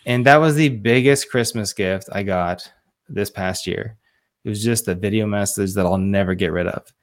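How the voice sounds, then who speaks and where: A man's voice: on the low side, normal speed. A man in his forties speaking as a podcast guest, an earnest fatherhood coach who tells stories emotionally and acts out what others said. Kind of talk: casual interview storytelling.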